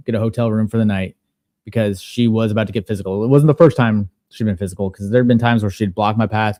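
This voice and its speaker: A man on a podcast panel telling a personal story in a casual, animated and profane way. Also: fairly low pitch, no echo, clean studio sound.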